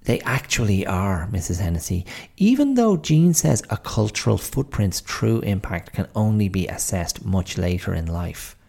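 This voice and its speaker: Male reader voicing an insistent young girl, pitched well up, lively, a bit husky. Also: moderate pace, hardly any pauses, exaggerated voice. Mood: reproachful. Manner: polite but insistent. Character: young girl, earnest, bright, stubborn.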